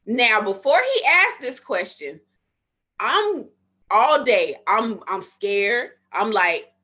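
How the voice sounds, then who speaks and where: A woman's voice: fairly high pitch, big pitch swings, takes it slowly, pushed and bright, slightly rough. A woman in her thirties, a midwife, telling her story in a casual interview and acting out her own past thoughts and conversations. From Miami area. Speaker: midwife, podcast guest. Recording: slightly dull lo-fi audio.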